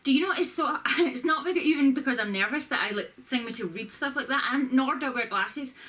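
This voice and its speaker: Showing off a shopping haul in her bedroom at home, a woman vlogger rambles in a self-deprecating, casual way. She's filming on a camera with a ring light. Her voice sits high and is fairly bright, and she talks a little fast.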